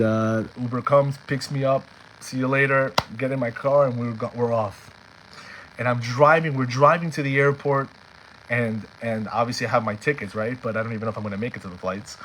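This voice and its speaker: A man's voice: mid-range voice, a bit bright, slight background noise, low-quality recording. A man telling a heartfelt personal story in an earnest way, often repeating himself when stirred. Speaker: storyteller sharing a personal journey.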